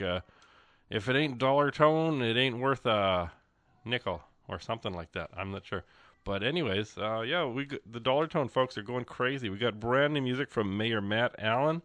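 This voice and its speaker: A man's voice: mid-range voice, fairly bright tone, no room sound. A man hosting a radio music show, chatting casually in a rambling, joking way with many fillers and restarts from the studio.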